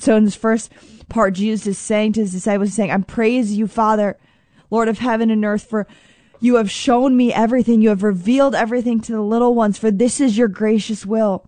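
A woman preaching a sermon in an earnest, emphatic way. She repeats key phrases and slows down to stress them. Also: a little high, steady tone, mellow, no echo.

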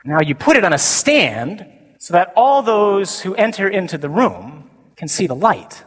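A man, a Catholic priest preaching a sermon to a men's conference, animated, swinging from loud emphasis to slow, quiet declarations. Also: high voice, a crowd in the background, noisy background. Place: large conference hall. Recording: reverberant conference hall.

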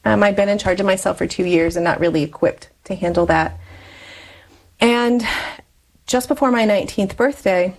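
A woman in her forties talks with a guest's easy candor, her voice sitting at an ordinary middle pitch. She tells her story chattily, often breaking into a laugh between phrases. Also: moderate pace, rough recording. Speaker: interview guest. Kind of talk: personal storytelling in conversation.

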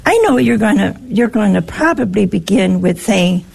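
A woman's voice: mid-range voice, expressive, normal speed, hardly any pauses, a little mellow. An American woman, a religious sister, giving a chatty, teasing talk full of anecdotes to a live audience. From United States. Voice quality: gravelly and husky.

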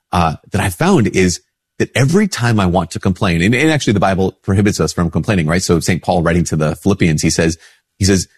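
A low, husky-voiced priest talks in a relaxed, chatty way, and his stuffy nose gives him a slightly sick sound. He pops his voice up whenever he acts out what people say. The sound is dry and close. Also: no room sound. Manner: conversational, acts out quoted replies in a higher voice. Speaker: Catholic priest. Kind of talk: casual spoken reflection.

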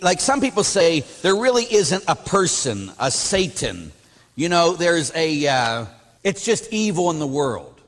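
A man, a Catholic priest, preaching a sermon in an animated, emphatic, anecdotal way. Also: a little high, measured pace. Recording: long reverb of a hall.

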